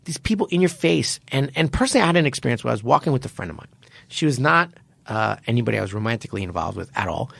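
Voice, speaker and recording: A man's voice: medium pitch, big pitch swings, rapid-fire, gravelly, a bit bright, no echo. A man hosting a podcast, telling stories in casual chat with many restarts and fillers. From United States. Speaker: podcast host.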